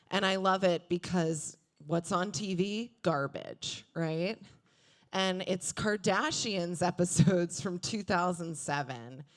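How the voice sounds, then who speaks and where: Woman comic in her thirties, unhurried delivery, deadpan asides, club stage mic. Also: medium pitch. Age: 30s. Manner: deadpan asides, acts out quoted voices. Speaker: stand-up comedian. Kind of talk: stand-up comedy set. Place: comedy club stage with audience.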